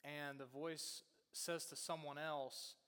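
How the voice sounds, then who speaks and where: Male pastor, casual storyteller, higher voice, church-hall reverb. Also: slow, clear, resonant tone. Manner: chatty, animated storyteller, lots of fillers.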